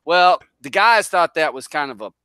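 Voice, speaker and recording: A man's voice: fairly high pitch, animated, moderate pace, pushed and bright, clean tone, dry recording. A middle-aged man from the northern US, a guest telling a rambling, joking story in a casual way. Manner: rambling, self-deprecating, jokes around.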